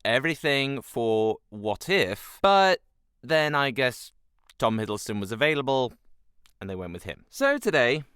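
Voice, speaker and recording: Male voice actor teaching casually; lively, animated delivery, smooth tone, dry close sound. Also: medium pitch, unhurried, dry recording. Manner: chatty, with playful voice demonstrations. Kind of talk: casual voice-acting tutorial.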